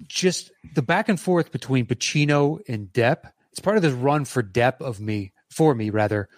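A man talks films on a podcast, full of enthusiasm and restarting his sentences as ideas pile up. His voice sits at an ordinary pitch, and the recording is dry and close. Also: animated, moderate pace, no room sound. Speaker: podcast co-host. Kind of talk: casual film discussion.

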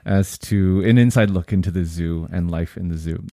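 A man co-hosting a casual family chat, easygoing and quick to laugh. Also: low voice, warm tone, dry recording, studio quality. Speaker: podcast co-host and father.

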